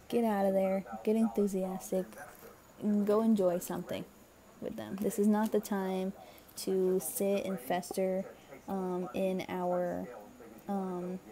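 A woman's voice: medium pitch, mellow. A young woman giving a casual, encouraging spiritual card reading, chatty and full of fillers, her voice tired and a little crackly. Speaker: tarot card reader.

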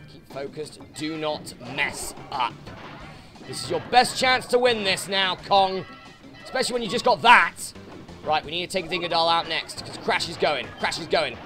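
Animated British man commenting on a game. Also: high voice. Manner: swearing, frustrated outbursts at the game. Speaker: let's play host. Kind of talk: gameplay commentary.

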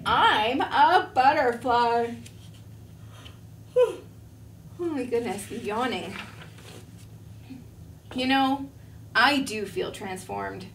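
A woman's voice: medium pitch, a bit bright. A woman voicing an impatient, fretful little male caterpillar who sighs and gives himself pep talks, heard from a distant mic. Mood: excited. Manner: sighing, self-pep-talking, whiny. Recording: distant mic, faint room noise.

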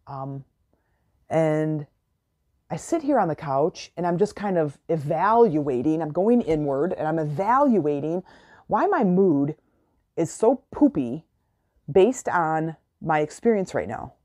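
In a low, dark, expressive voice at normal speed, a middle-aged podcast host gives a casual motivational monologue. She chats and rambles, leaning heavily on fillers like "like" and "you know."

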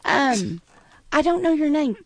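A woman hosting a casual late-night radio show, rambling and chatty, animated when she tells a story. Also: sits high, measured pace, a crowd in the background. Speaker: radio DJ host.

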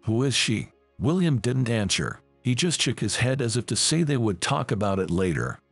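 A male narrator reading a scripted family drama in an even, measured way. His voice is gravelly and husky, with a lively rise and fall in pitch. The recording is dry and close, with faint music underneath. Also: no room sound.

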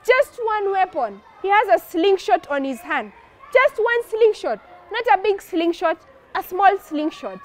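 A woman narrating a religious story for children in an animated way, often asking her listeners questions. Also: extremely high pitch, a little slow, a little hiss or hum.

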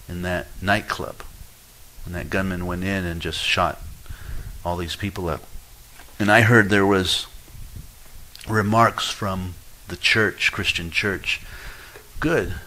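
A man's voice: fairly even intonation, takes it slowly, pauses often, pushed and bright, a little hiss or hum, poor audio. A man preaching an expository sermon as a pastor, conversational with restarts, rising into pleading when he acts out prayers. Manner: pleading, rises in pitch and volume when acting out prayers.

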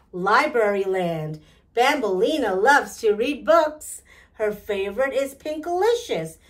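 A woman reading a children's picture book aloud in a slow, clear, deliberate way. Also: medium pitch. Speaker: storytime reader.

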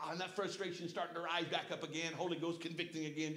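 A middle-aged man preaching a folksy sermon with personal stories, swinging from hushed asides to shouted praise. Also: on the high side, flat delivery, quick pace. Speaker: pastor. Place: church sanctuary. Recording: echoey church room. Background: congregation calling out responses.

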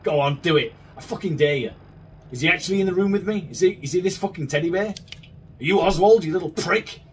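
Talking fast in a high-pitched voice, a gaming creator narrates his let's play of a horror game, cursing nonstop and bickering with it in an agitated state. The mic is distant, picking up slight background noise and faint game music.

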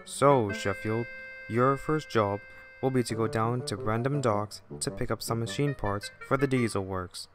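A stern railway boss, as a man voices him in a fan-made train story. He gives orders slowly and evenly. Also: medium pitch, over music, lightly acted. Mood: instructing.

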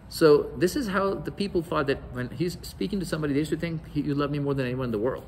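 Man giving an animated religious lecture. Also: a little high, fast, hardly any pauses, a little hiss or hum, poor audio. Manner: storytelling, acts out quoted dialogue.

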